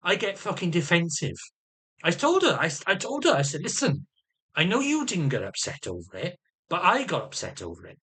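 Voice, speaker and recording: A man rants through a personal update in a somewhat high, bright and tense voice. He swears in almost every line, restarts and repeats himself, and his pitch swings widely as he grows defensive and agitated. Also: huge pitch swings, a little fast, husky. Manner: swears constantly, rambling and repetitive. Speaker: vlogger. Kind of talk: ranting personal health update.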